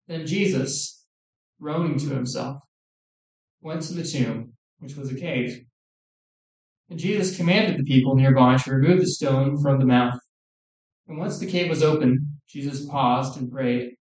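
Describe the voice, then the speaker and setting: A man preaching a sermon in an earnest, measured way, quoting scripture. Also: fairly high pitch, a little mellow. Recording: echoey room, distant mic.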